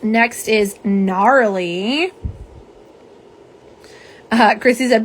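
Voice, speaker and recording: A woman's voice: medium pitch, takes it slowly, long pauses. A middle-aged woman hosting a casual livestream, chatting with viewers and reading their comments aloud in a bubbly way. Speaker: nail polish livestream host. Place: home setup for live streaming. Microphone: phone camera on a live stream.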